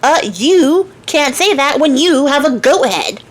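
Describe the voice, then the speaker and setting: A woman's voice: high-pitched, very animated, a little slow, pitched above the performer's own voice. A woman voicing a grumpy, blunt old man in a retold fairy tale who lectures in a scolding way.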